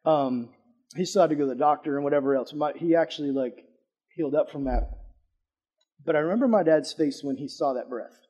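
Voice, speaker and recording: A man with a slightly high, breathy voice speaks a little fast on a lo-fi recording. He's preaching a casual, chatty sermon, asking the audience questions and sharing a personal story, lively and swinging between loud emphasis and hushed asides.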